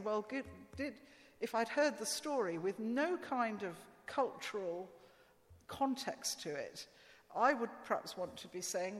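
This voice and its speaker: A woman giving an informal, conversational sermon with asides and fillers. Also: fairly high pitch. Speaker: preacher. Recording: long church reverb.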